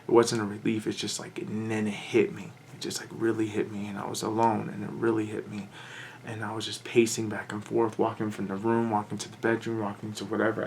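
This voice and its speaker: Halting, gravelly-voiced anxious man. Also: on the low side, slight background noise. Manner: anxious, halting, with many restarts. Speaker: vlogger. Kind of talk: confessional vlog monologue.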